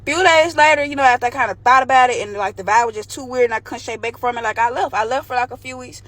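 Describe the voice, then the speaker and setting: Young woman, candid storytime vlogger, slangy, a touch high-pitched. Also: fast, a bit bright. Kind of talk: storytime vlog.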